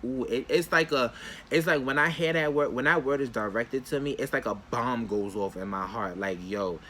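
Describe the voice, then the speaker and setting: A man's voice: mid-range voice, normal speed, a little hiss or hum. A young man telling viewers a story in a casual, slangy storytime vlog, talking straight to them. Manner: animated, talks straight to viewers. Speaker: vlogger.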